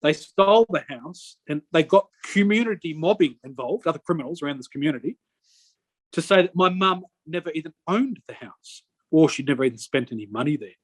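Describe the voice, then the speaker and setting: A man's voice: on the high side, lively intonation, dry recording. A middle-aged man giving a rambling interview account, stopping and restarting often. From Australia. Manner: rambling, halting with many restarts. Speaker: interview guest. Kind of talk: conversational personal account.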